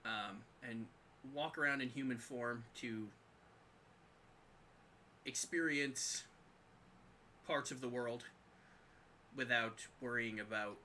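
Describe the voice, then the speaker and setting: A man narrating as game master of a tabletop game, speaking in a halting way full of pauses and ums. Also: medium pitch, bright, forceful tone, a little hiss or hum.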